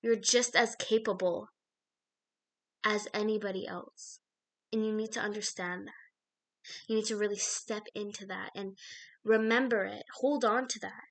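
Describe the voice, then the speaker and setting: A woman's voice: medium pitch, steady tone, a little slow, pauses often, fairly bright tone. A woman doing an intuitive card reading to the viewer, in a meandering way full of fillers, often losing her thread and restarting. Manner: meandering, filler-heavy, self-interrupting.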